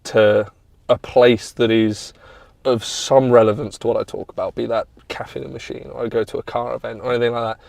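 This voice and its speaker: A man, a podcast guest telling lively, enthusiastic stories in casual chat. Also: mid-range voice, fairly quick, creaky, no room sound. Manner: enthusiastic, animated anecdotes with quoted voices. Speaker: guest, automotive content creator.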